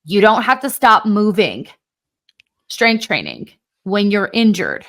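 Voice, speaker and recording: A woman podcast host in casual, chatty conversation. Her pitch sits in the middle for a woman, and she talks with lively emphasis, dropping in the odd swear word. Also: slow pace.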